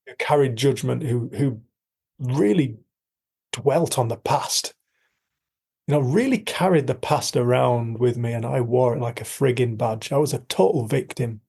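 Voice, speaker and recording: A middle-aged man speaks earnestly and frankly as an interview guest, repeating phrases and dropping the odd swear word. His voice is gravelly and husky. The tone sits dark and mellow rather than bright. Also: mid-range voice, normal speed. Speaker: coach and podcast guest. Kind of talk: candid storytelling conversation.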